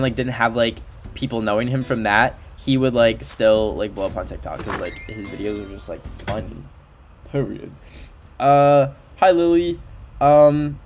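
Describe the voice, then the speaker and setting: A young man from Canada talks through his game stream in a chatty, playful way, with a medium-pitched voice. He rambles with plenty of fillers and now and then hums nonsense syllables along with the tune. Faint game music plays behind him. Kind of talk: casual livestream gameplay chat.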